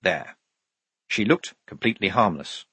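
Brief: male storyteller, low husky voice, animated reading. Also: a little slow, no echo. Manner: expressive storytelling. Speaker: audiobook narrator. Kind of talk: audiobook narration.

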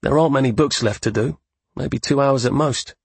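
An earnest young man with hidden magic, voiced by a man in an audiobook, speaking in a husky, gravelly voice. He talks earnestly and a little hesitantly. The sound is dry and close to the mic. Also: medium pitch, brisk, no echo. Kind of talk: audiobook character voice.

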